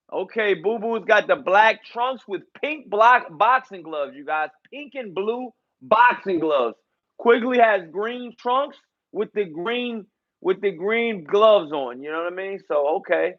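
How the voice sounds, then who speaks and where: A high-pitched man calls a boxing fight live for his stream, loose and excitable, tossing in "man" and "y'all" constantly. His home mic sounds a little dull and muffled. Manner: loose, hyped, repeats catchphrases and fillers like man and y'all. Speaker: boxing commentator and channel host.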